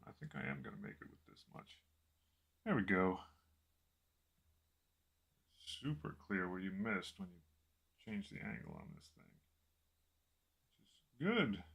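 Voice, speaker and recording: A man casually thinking aloud to himself while painting a miniature in his small home office, relaxed and self-deprecating. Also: lowish voice, gravelly, breathy edge.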